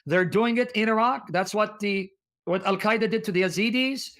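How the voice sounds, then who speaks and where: A man with a high-pitched voice hosts a heated debate livestream. He reads passages aloud forcefully, combative and insistent, pressing his guest with questions. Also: moderate pace. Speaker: livestream host.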